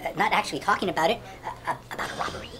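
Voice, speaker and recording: A woman's voice: on the low side, very fast, lightly acted. A woman playing an aging male elf salesman in an amateur comedy parody, hesitant at first and then pushy and wheedling. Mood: worried.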